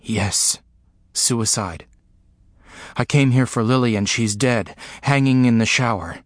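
A man reading a first-person memoir aloud, in a slow, grave, repetitive delivery. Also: mid-range voice, dry recording, clean studio sound. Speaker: narrator.

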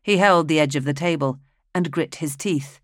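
A woman with a low voice narrates a story aloud in a steady, even manner. The recording is dry and close, with no room sound. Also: moderate pace, dry recording. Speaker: audiobook narrator. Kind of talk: scripted narration.

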